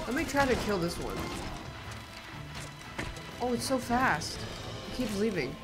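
A young woman streaming a game, commenting excitedly and swearing as she plays, out of breath. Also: on the high side, a little slow. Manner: excitable, swearing, thinking aloud. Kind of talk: live gameplay commentary. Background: game music.

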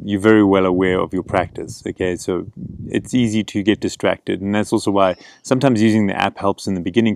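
Calm deep-voiced man teaching breathing. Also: gravelly, dry recording. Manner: calm, gentle, encouraging. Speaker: breathing coach. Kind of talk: outdoor breathing instruction. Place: outdoors in a canyon.

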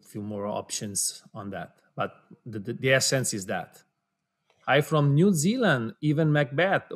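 Male webinar co-host, reads viewer messages in a friendly multilingual way, video call audio. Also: medium pitch. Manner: reads out names and greetings, drifting between languages, quick to laugh.

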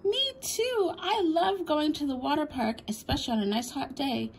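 A woman voicing a little cartoon piglet girl in toy play storytelling, bright and chatty. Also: high voice, moderate pace, background noise. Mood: happy.

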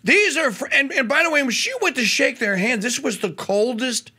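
A male talk radio host on a studio microphone, speaking with a bright, forceful edge. His pitch leaps up and down as he talks, and his voice has a gravelly crackle. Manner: animated, stammering restarts, quick pitch jumps. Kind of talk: casual political talk radio.

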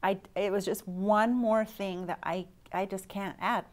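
A woman's voice: mid-range voice, fairly even intonation, measured pace. Teasing woman co-hosting a talk show. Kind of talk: casual chat.

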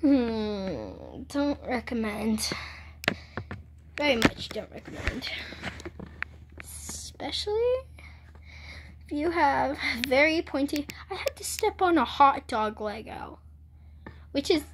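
High bouncy girl vlogging at home, slow and over the top about it, house noise in the back. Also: big pitch swings. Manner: playful and dramatic, complaining about pain. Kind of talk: casual vlog chat.

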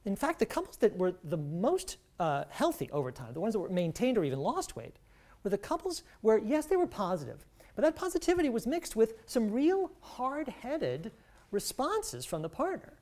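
A woman's voice: on the high side, wildly swooping pitch, normal speed, a little mellow. A woman professor giving an earnest talk, explaining her research with some restarts. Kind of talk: scripted talk on couples' health.

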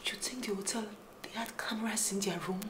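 A woman's voice: sits high, lively intonation, unhurried, heavy background noise. An actress with a Nigerian accent playing a married woman caught cheating, pleading and begging over and over. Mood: distraught. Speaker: actress in a film. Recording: roomy room with film score.

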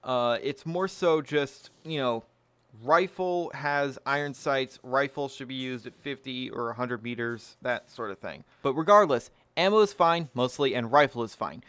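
A man's voice: mid-range voice, a little slow, fairly bright tone, no room sound. A man hosting his own firearms channel, talking casually and bluntly to camera, swearing freely and pleased with himself. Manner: blunt, profane, self-satisfied.

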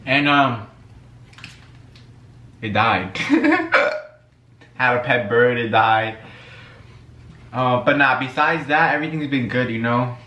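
A young man casually chatting while he eats through a fast-food meal, laid-back and slangy, dropping "you know what I'm saying" again and again. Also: mid-range voice, steady tone, sharp tone. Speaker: vlogger and musician. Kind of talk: casual mukbang chat while eating. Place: room at home. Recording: echoey room.

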